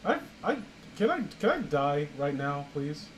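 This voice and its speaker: A man's voice: on the high side, sing-song, unhurried, slight background noise, rough recording. A young man hosting a comedic reading of fan fiction, sarcastic and exasperated in his commentary. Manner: sarcastic, exasperated, breaks into laughter.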